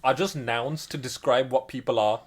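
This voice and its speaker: A man's voice: medium pitch, normal speed. A young man co-hosting a podcast in casual chat, ranting animatedly and laughing. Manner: animated, laughing, incredulous rants. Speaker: podcast co-host.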